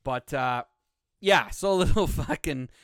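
A man's voice: on the high side, expressive, measured pace, a bit bright, clean tone, dry recording, studio quality. A man from Canada, hosting a podcast and telling stories in a blunt, heavily swearing, casual way. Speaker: podcast host. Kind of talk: casual profane storytelling.

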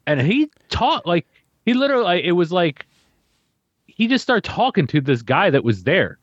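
A man's voice: high-pitched, big pitch swings, moderate pace, no echo. A man co-hosting a podcast, telling a story in casual chat, swearing a lot and acting out what others said. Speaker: podcast co-host. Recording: slightly muffled, dry audio.

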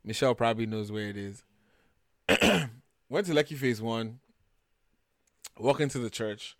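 A young man from Nigeria with a Nigerian accent, telling stories in a lively, joking way as a podcast co-host. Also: medium pitch, unhurried, no room sound, studio quality. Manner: animated, jokey, acts out quotes. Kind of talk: casual chat, storytelling.

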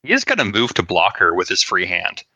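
A man narrates his character's moves in a tabletop game, loose and descriptive. His voice is low-pitched with a sharp, bright edge and a dry close sound. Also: wildly swooping pitch, a little fast, husky, no echo, poor audio. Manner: casual, descriptive.

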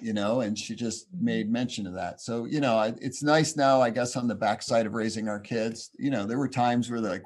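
A man's voice: mid-range voice, normal speed, darkish tone. A man in his forties, a pastor, answering interview questions in an earnest, heartfelt way with many fillers. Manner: earnest, heartfelt storytelling with frequent "you know" fillers.

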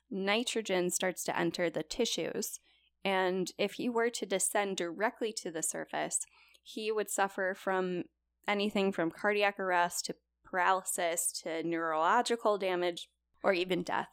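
Young woman, podcast co-host, casual storytelling, gravelly voice, dry close sound. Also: medium pitch, normal speed, dry recording. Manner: chatty, many likes and you-knows, lively retelling.

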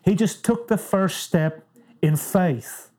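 A woman's voice: on the low side, slow, mellow. A woman preaching a sermon in an emphatic way, stressing short clipped words. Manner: emphatic, clipped one-word commands.

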